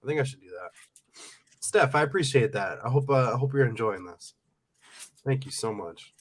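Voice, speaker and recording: Reading viewer comments aloud and laughing often, a young man hosts a casual live stream; he's also a reseller. He speaks at medium pitch and a moderate pace with lively intonation.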